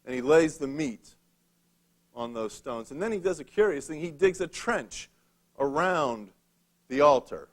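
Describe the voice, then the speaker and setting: A man's voice: a little high, lively intonation, measured pace. A male preacher retelling a Bible story in a casual, conversational sermon, with a humorous touch.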